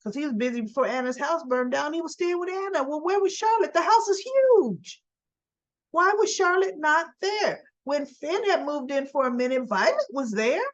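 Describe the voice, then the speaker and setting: A woman's voice: sits high, animated, normal speed, highs cut off. A woman giving a casual, opinionated recap of a soap opera episode, talking back to the characters as she goes.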